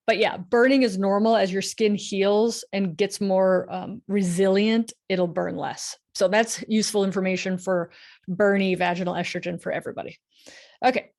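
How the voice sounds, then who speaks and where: A middle-aged woman physician hosting a casual live-stream Q&A, talking with frequent "like"s and animated bursts of emphasis, through a headset mic at home. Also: medium pitch. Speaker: physician podcast host answering listener questions. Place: home room with bookshelf. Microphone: headphones with mic on a live stream.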